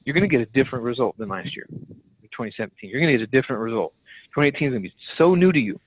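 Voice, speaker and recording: A man's voice: medium pitch, lively intonation, rapid-fire, no room sound. A man leading his sales team on a call, giving an emphatic, direct motivational coaching talk that repeats key phrases. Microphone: phone. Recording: tinny phone-line conference call.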